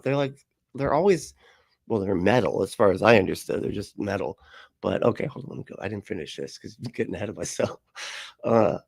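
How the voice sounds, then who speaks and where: A man's voice: mid-range voice, vocal fry, no room sound, clean studio sound. A man hosting a live stream, reading chat aloud in a casual, rambling way, often laughing, swearing and sounding puzzled.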